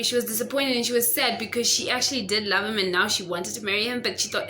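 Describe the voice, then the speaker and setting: A woman's voice: on the high side, quick pace, hardly any pauses, pushed and bright, a little hiss or hum. A woman, chatting casually and gushingly to camera while reviewing a book at home. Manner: chatty and gushing, lots of fillers. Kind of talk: casual vlog chat. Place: home near a busy road.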